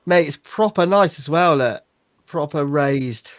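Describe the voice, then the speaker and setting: A man's voice: a little high, measured pace, no room sound. Man with a dry close voice. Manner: chatty, showing off items, says "mate". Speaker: podcast co-host. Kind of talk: casual live-stream banter.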